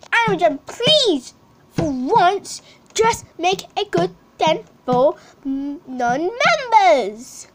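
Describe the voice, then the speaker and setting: A woman's voice: very high-pitched, background noise. A young female host giving casual game commentary, pleading and complaining about unfairness. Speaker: channel host.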